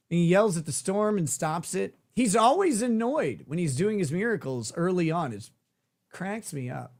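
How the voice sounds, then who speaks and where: A man hosts a live stream and chats loosely, with a joking, irreverent manner and casual swearing. His voice sits slightly high for a man. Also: sing-song, moderate pace, creaky. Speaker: host. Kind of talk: casual livestream chat.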